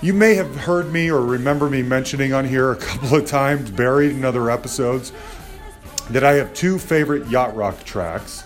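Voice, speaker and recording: A man's voice: mid-range voice, normal speed. Rambling friendly male podcast host. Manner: friendly, rambling, agreeable, filler-heavy. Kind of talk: casual podcast chat and outro. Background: music.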